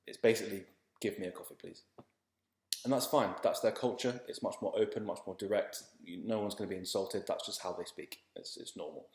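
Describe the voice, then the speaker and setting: A man teaching beginners in a relaxed, chatty and reassuring way, often repeating his words. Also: lowish voice, quick pace, hardly any pauses, echoey room. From England. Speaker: language teacher. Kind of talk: casual spoken lesson.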